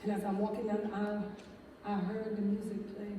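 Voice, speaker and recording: A woman giving an animated faith testimony to a live audience, laughing as she tells her story and often asking "right?". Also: medium pitch, a little fast, a little hiss or hum. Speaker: speaker sharing testimony. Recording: echoey hall from far off.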